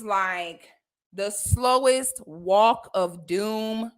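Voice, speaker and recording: A woman telling a personal story on a livestream in a casual, animated, slangy way. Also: mid-range voice, clean tone.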